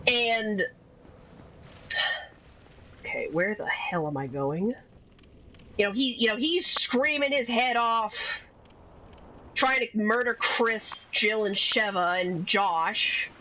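Bright, rambling woman gaming streamer. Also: mid-range voice, a little hiss or hum, rough recording. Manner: rambling, swears often, swings from chatty to exasperated outbursts. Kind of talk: casual gameplay commentary.

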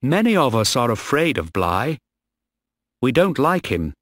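A man's voice: medium pitch, big pitch swings, unhurried, a bit bright, dry recording, clean studio sound. A man voicing a worried male sailor who pleads with his friend in a storybook reading. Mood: pleading.

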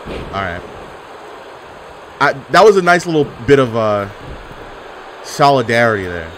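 A young man calls his online wrestling game live, and his pitch swings widely as he reacts. His tone is sarcastic and full of trash talk. There is a faint hum of noise behind him. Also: sing-song, unhurried, fairly bright tone. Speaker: gaming YouTuber. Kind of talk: live gameplay commentary.

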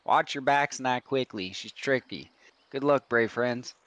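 A man's voice: medium pitch, a little slow, fairly bright tone, no room sound, lightly acted. A man voicing a poor male fisherman with a put-on Southern US accent, drawling and pleading for help. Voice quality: drawling, breaking into laughs.

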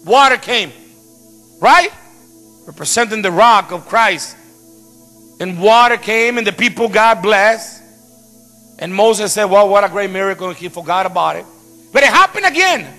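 A middle-aged male pastor telling stories in a sermon, animated with playful asides. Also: high voice, unhurried, long pauses. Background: piano music.

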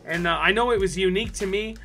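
Canadian streamer guy, hyped, sharp bright voice. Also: high-pitched, quick pace, faint music behind. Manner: excitable, shouting out viewers. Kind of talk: casual live-stream chat.

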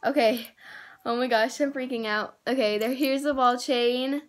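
A teenage girl casually unboxing squishy toys, gushing and excitable, rambling with many fillers. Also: sits high, normal speed. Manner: gushing and excitable, with gasps and squeals; rambling, with many likes and self-corrections. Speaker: squishy toy haul vlogger.

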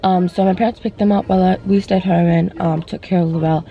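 Chatty young woman with a rough morning voice. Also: fairly low pitch, fairly even intonation, fast, highs cut off. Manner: chatty, rambling with many "like"s and "um"s. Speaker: vlogger. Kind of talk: casual travel vlog chat. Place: inside a car. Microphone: handheld compact camera.

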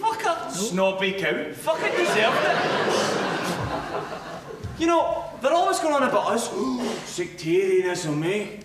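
A man's voice: high voice, big pitch swings, slow pace. A Scottish man in a comedy sketch, talking in a blunt, sweary way. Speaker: call centre worker. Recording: roomy, distant, noisy.

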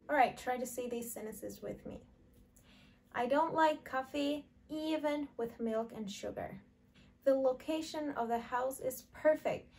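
A woman with a high voice and a darkish tone runs an online English lesson, carefully and slowly modeling sentences that learners say back after her.

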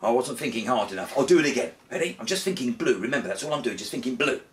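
A man performing comic magic patter for children, playing mock-frustrated and breaking into big excited cheers. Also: mid-range voice, rapid-fire, far from the mic, a little hiss or hum.

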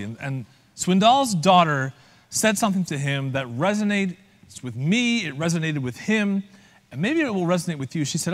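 Conversational preacher in a reverberant hall. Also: male voice, a little high, expressive, moderate pace. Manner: conversational, asks listeners direct questions. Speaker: pastor. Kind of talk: sermon. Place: church.

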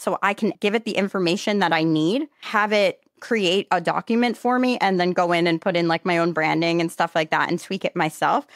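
A woman with a New York accent, co-hosting a podcast in casual, animated chat, self-described as audacious and bold. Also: on the low side, dry recording, clean studio sound. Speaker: podcast co-host.

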